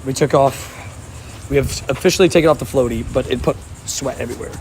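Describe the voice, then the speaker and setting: A man streams live from a waterside park, talking casually to chat and laughing a lot while feeling sweaty and hot. He talks fast in a mid-range, slightly mellow voice, with faint outdoor noise in the background.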